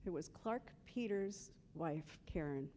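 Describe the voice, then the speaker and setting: At a memorial service, a woman delivers a eulogy for her husband, sharing funny stories and acting out conversations they once had. Her voice is lowish, dark, and expressive, and she speaks slowly over a slight hiss or hum.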